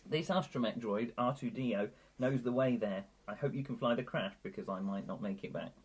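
A man's voice: medium pitch, a little fast, husky, rough recording. A man running a tabletop role-playing game as game master, narrating scenes and reading out messages. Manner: reads scene narration and character messages, laughing often.

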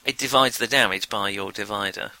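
A man running a tabletop game as game master, explaining rules in relaxed, chatty talk with fillers. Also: lowish voice, fairly quick, rough recording. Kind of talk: casual tabletop game chat.

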